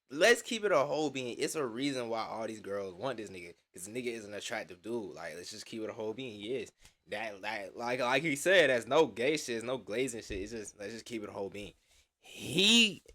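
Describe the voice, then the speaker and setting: Male reactor, crisp bright tone, relaxed profane slang with lots of fillers. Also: lowish voice. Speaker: video reactor. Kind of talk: casual reaction chat.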